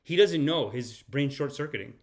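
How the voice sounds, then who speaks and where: A man's voice: medium pitch, animated, moderate pace. A man hosting a podcast, reacting to clips in a casual, joking, profane way. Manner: joking, profane, laughing often. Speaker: podcast host.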